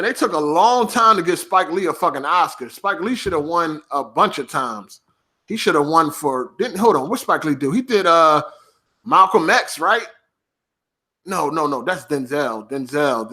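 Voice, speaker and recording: A podcast host, swearing heavily as he talks casually and snaps back at his livestream chat. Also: on the high side. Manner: profane, animated, reacting to chat.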